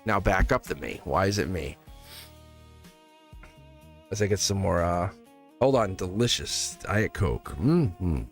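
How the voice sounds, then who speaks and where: A man's voice: low-pitched, lively intonation, slow, pauses often, soft background music. A man hosting a casual tarot reading livestream from his studio, talking in a rambling, chatty way and laughing often. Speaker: tarot reader and host.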